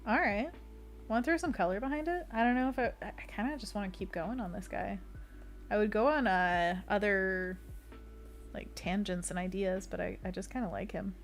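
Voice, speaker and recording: A woman illustrator streams a casual sketching session, talking as she draws, reading chat aloud, and making little sound effects. Her mid-range voice moves at a moderate pace, with faint music behind it.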